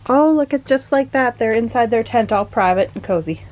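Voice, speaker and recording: Speaking briskly and with animation, a young woman with a Minnesotan accent gushes through casual vlog chatter full of fillers. Her voice is a little high and a little mellow, and the highs are cut off.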